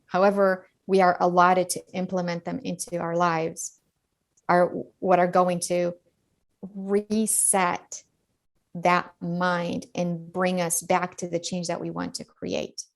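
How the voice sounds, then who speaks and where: A woman's voice: on the low side, level tone, slow pace, gravelly. A middle-aged woman, a dentist guest on a podcast, talking earnestly and candidly and often repeating words as she goes.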